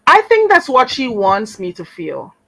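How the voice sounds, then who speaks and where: A woman's voice: a little high, huge pitch swings, unhurried, pushed and bright, dry recording, low-quality recording. A young woman hosting a live stream, talking to viewers in an indignant, sarcastic way with mocking mimicry. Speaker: channel host.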